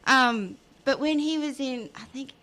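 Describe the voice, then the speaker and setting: A woman co-hosting a podcast, chatty and quick to laugh. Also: high voice, bright, forceful tone. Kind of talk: casual chat.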